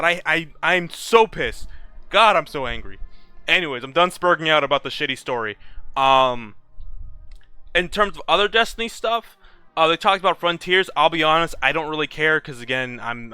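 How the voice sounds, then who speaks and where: A young man who makes gaming videos rants heatedly about a game in a casual vlog, cursing a lot and restarting his sentences again and again. His voice is fairly high, pushed and bright, with a clear, resonant tone and no echo.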